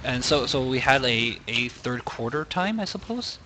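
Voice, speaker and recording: A man's voice: medium pitch, big pitch swings, normal speed, background noise. A young man commentating a video game match in a casual, chatty way, thinking aloud and often restarting his sentences.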